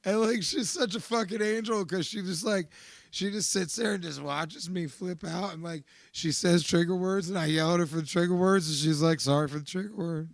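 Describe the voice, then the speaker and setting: Raw, gravelly man telling his story. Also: high-pitched, normal speed, no room sound, studio quality. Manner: raw, profane, confessional, swings into shouting. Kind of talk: emotional personal testimony.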